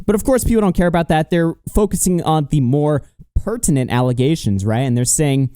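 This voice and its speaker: A man's voice: a little high, fairly quick, warm tone, clean tone, dry recording, clean studio sound. A man hosting a casual stream, commenting animatedly with frequent swearing and laughter. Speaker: streamer host.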